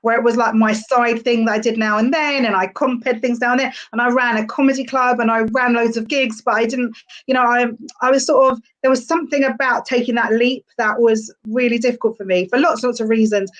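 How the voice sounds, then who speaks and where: A woman's voice: a little high, fairly even intonation, a little fast. A young adult woman, a stand-up comedian, chatting casually on a podcast in a rambling way with lots of fillers.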